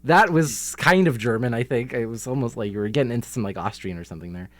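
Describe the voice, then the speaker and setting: A man with French as his first language hosting a casual wrestling interview, animated and laughing often. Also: medium pitch, fast talker, no echo. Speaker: interview host.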